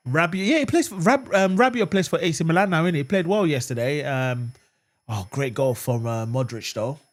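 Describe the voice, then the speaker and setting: Fairly high-pitched and fairly quick, this fan channel host runs a live football watchalong. He reads viewers' comments and answers them in calm chat, but his animated delivery keeps flaring into outraged shouting at the referee.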